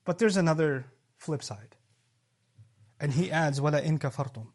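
High-voiced guy giving an islamic talk, animated, jokes around, quotes arabic. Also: racing. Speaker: preacher. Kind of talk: Islamic lecture.

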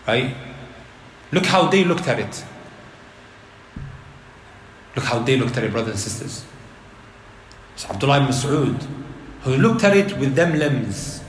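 A man giving a religious lecture to a live audience, animated and asking the crowd rhetorical questions. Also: medium pitch, a little fast. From Leicester, England. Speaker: Islamic preacher. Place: indoor hall with an audience. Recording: roomy lecture hall.

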